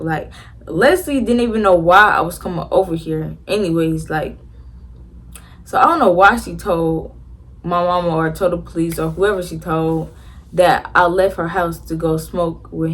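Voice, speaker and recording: A woman's voice: lowish voice, a little slow, fairly bright tone. A teenage girl telling a story to her viewers in a casual, slangy way, with many fillers and restarts. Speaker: vlogger.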